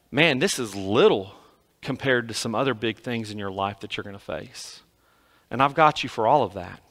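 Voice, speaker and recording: A man preaching a sermon to his congregation, swinging from loud emphasis to hushed, quiet lines. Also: mid-range voice. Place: church sanctuary.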